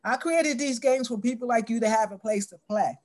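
A middle-aged woman telling a story in an interview, acting out the dialogue with lively shifts in voice. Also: on the high side, fairly quick.

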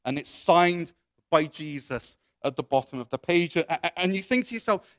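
A man's voice: a little high, expressive, moderate pace, no room sound, studio quality. A man preaching, telling a story in the second person and then leading a prayer. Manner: storytelling, second person, with soft quoted voices. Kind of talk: sermon illustration and prayer.

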